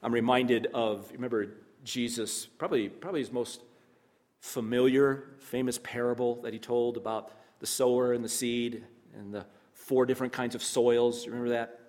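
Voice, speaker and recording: A man's voice: medium pitch, fairly even intonation, a little mellow. Man preaching in an echoing hall. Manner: measured, emphatic preaching with pauses and asides to the congregation. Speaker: pastor. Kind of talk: sermon.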